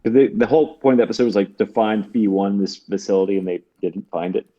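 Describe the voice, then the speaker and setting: A man's voice: lowish voice, quick pace, dark tone, lo-fi sound. A man co-hosting a casual podcast chat, talking hesitantly with lots of fillers. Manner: hesitant, many fillers and restarts. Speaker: podcast co-host.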